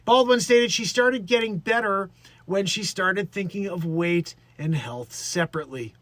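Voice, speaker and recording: Unhurried and fairly bright in tone, a high-voiced man runs his daily livestream, going through news stories and joking about them at rambling length. He swears at times and drops into put-on voices. There's no echo on the sound.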